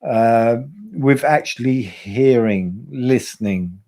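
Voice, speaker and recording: A man hosts a casual livestream chat in a slow, mellow, mid-range voice. He talks bluntly, swears a lot, and repeats himself and his words.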